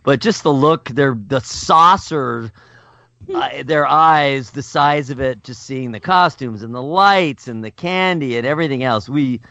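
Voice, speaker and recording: Man, podcast co-host, rambling, halting, dull lo-fi sound. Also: medium pitch, bright, forceful tone, no room sound. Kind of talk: casual chat.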